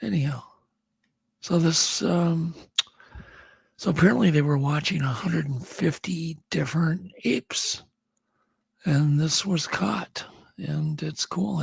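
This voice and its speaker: A man's voice: on the high side, creaky, a little mellow, breathy edge, dry recording. A man co-hosting a podcast, running through news items in a chatty, rambling way with frequent restarts. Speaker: podcast co-host. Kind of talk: casual chat.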